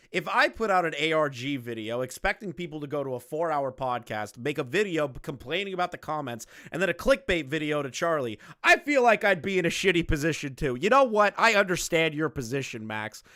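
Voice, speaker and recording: A man's voice: fairly high pitch, sing-song, brisk, few pauses, sharp tone, dry recording, studio quality. A man giving sarcastic, mocking reaction commentary, swearing freely as he reacts to a video. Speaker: reaction streamer.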